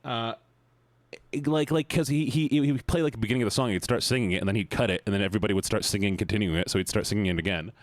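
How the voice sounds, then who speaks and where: A young man streaming and chatting casually with viewers, rambling, swearing and breaking into sudden high-pitched outbursts. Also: very fast, no echo. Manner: rambling with restarts, talks to chat. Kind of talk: casual live-stream chat while gaming.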